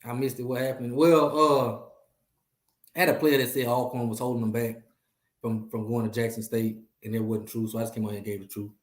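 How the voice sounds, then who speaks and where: A man's voice: medium pitch, level tone, brisk, echoey room. A man hosting a casual livestream chat, talking animatedly and repeating himself as he addresses viewers. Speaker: host.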